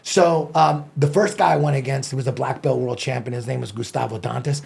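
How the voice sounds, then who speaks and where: A man guest on a podcast telling a story casually, animated and profane, acting out his own past thoughts. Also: mid-range voice, fairly quick, gravelly.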